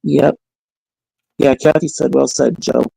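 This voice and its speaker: Sleepy guy on his phone late at night, real gravelly and husky, dark tone. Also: mid-range voice, flat delivery, unhurried, no room sound, poor audio. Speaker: stream host. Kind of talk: late-night casual chat. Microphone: phone held to the face.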